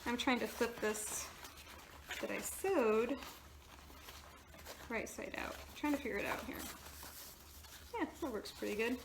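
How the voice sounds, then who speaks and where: A woman chats her way through a sewing project at home, rambling and joking at her own expense. Her voice sits slightly high. The echoey room carries noticeable background noise. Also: measured pace, creaky, long pauses. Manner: rambling, chatty, self-deprecating. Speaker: sewing vlogger. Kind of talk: casual chat while sewing.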